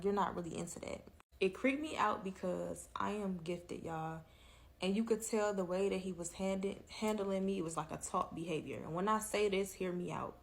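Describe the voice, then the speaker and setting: Animated, cussing woman telling a story. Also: mid-range voice, vocal fry. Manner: animated, profane, addresses listeners as y'all. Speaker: storyteller in a reaction clip. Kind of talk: casual storytelling.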